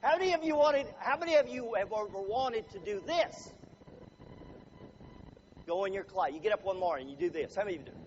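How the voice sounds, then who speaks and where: High-voiced man quizzing a live crowd. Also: expressive, a little fast, pauses often. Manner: chatty, quizzes the crowd with show-of-hands questions. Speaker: motivational speaker. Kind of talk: humorous live talk to an audience. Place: room with a live audience. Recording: dull lo-fi recording with faint noise.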